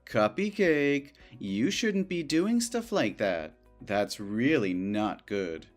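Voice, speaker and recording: A man's voice: medium pitch, big pitch swings, slow pace, faint music behind. An actor playing a possessive male coworker who talks in a sugary, overly familiar way. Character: clingy possessive male coworker, young adult. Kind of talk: scripted dialogue drama.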